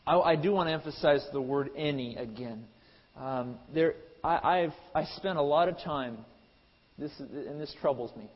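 Emphatic preacher in a reverberant hall. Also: male voice, a little high, normal speed. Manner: builds to emphatic, louder peaks, then drops to quiet asides; frequent restarts and hesitations. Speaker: pastor. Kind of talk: sermon. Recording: long hall reverb, dull lo-fi sound.

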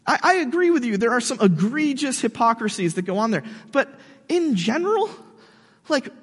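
A man preaching casually to skeptics, slangy and animated, often calling the listener "dude". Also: very high voice, moderate pace, husky. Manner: slangy and animated, says "dude", restarts words. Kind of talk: casual sermon addressed to skeptics. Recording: long hall reverb.

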